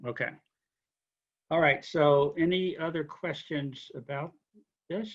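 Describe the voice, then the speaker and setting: Man teaching a class, slow careful delivery, slightly high voice, dull lo-fi sound. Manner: slow, explaining with examples and apologies. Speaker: linguistics instructor. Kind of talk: classroom lecture.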